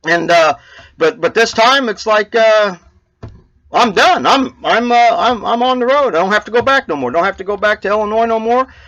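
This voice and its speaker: High, bright-voiced rambling trucker host. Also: male voice, lively intonation, dull audio. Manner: rambling, halting, with fillers and chuckles. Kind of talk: casual rambling monologue.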